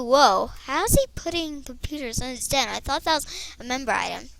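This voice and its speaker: A young girl chatting to herself as she plays an online game, excitable and rambling. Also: high voice, normal speed, vocal fry, a little hiss or hum. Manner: chatty, excitable, talks to herself while playing. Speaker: gameplay vlogger. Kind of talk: casual commentary over online game play.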